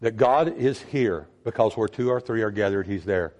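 A man's voice: moderate pace, darkish tone. Emphatic older male pastor preaching. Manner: emphatic, with sudden jumps in pitch and volume. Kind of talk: sermon.

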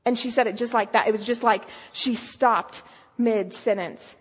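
A woman's voice: fairly high pitch, steady tone, measured pace, husky. A woman giving an earnest sermon, telling a story and asking emphatic questions. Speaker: speaker. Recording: long hall reverb.

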